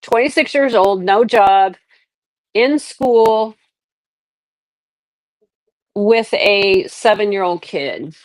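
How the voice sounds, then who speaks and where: A middle-aged woman talks straight to her livestream viewers in a loose, rambling way, often restarting her sentences. Her voice sits at an ordinary pitch. The recording is dry and close, with no room echo. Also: drawn-out words, long pauses. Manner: rambling, candid, reflective, many restarts. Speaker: livestream host. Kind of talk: casual livestream chat.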